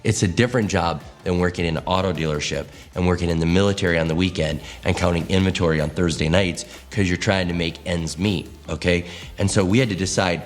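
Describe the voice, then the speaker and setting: A man's voice: low voice, fast talker, faint music behind. A man, a pastor, giving a teaching talk to church leaders, telling stories expressively and acting out quotes. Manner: expressive, animated storytelling with acted quotes.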